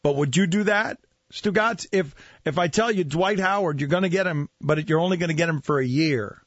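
A man's voice: a little high, brisk, dry recording, muffled recording. Sports radio host man, dry studio sound. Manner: joking, animated, does mock voices. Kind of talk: casual sports radio talk.

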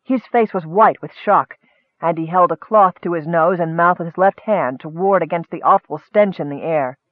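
A man narrating a fantasy story in a steady, measured audiobook reading. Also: on the high side, no room sound, narrow, tinny audio.

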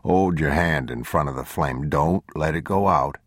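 A man playing a weary, protective father in an audiobook, talking low, steady and reassuring. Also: moderate pace, no room sound, studio quality.

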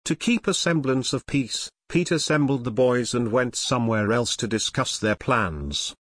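Lively man narrating true crime. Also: medium pitch, a little slow, dry recording, studio quality.

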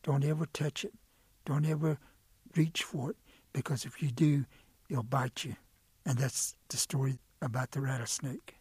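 A man's voice: medium pitch, steady tone, moderate pace, a little mellow, slightly rough, dry recording. A middle-aged man telling folk stories aloud, rhythmic and playful, sometimes tripping over his words. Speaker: storyteller. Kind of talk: oral storytelling.

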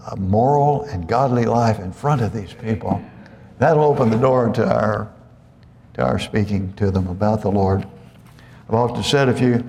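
Guy preaching a sermon, kinda gravelly, chatty, lots of restarts, echoey church hall. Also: mid-range voice, darkish tone. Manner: conversational preaching with many restarts. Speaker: pastor.

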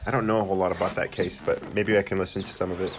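A man's voice: low-pitched, fairly even intonation, rapid-fire, background noise. A man co-hosting a casual home podcast as a father, giving short, dry, teasing replies. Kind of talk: casual chat.

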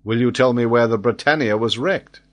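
A man's voice: medium pitch, moderate pace, a bit bright, lightly acted. A man reading the part of a grave male nobleman pressing a prisoner for answers, in a storybook reading.

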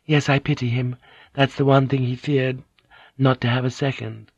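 A man's voice: mid-range voice, little pitch movement, moderate pace, dry recording, highs cut off, pitched above the performer's own voice, lightly acted. A man voicing a haughty squeamish young noblewoman. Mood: solemn. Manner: disdainful and scornful.

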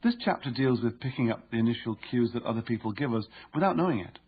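Male author narrating his own self-help audiobook, husky and measured, muffled recording. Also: medium pitch, lively intonation. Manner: measured, explanatory.

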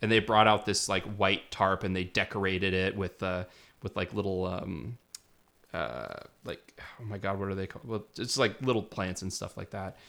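Bright-voiced young man reviewing films. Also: sits low, vocal fry. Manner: rambling, laughs often, quick asides. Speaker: podcast co-host. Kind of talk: casual film review chat.

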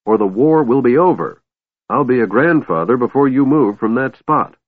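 A man voicing a small, excitable male kender who is eager and shrill and keeps pleading and pestering. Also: fairly quick, breathy edge, no room sound. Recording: tinny phone-like band, dry.

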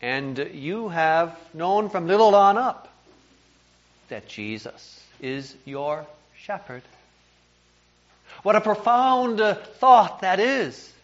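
A man's voice: high-pitched, sing-song, slow pace, muffled recording. A man preaching a sermon as pastor, earnest and emphatic, sometimes repeating words as he goes. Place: church.

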